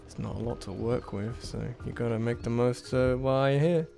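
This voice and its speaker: A man's voice: mid-range voice, fairly quick, gravelly, music in the background. A man doing casual gameplay commentary on a puzzle game, muttering to himself as he works things out, with self-deprecating asides and sudden frustrated outbursts.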